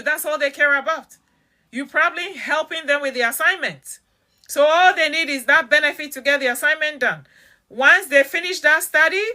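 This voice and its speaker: A woman giving a motivational talk, emphatic and direct, repeating key phrases slowly and challenging the listener with questions. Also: sits high, bright, forceful tone. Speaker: motivational speaker.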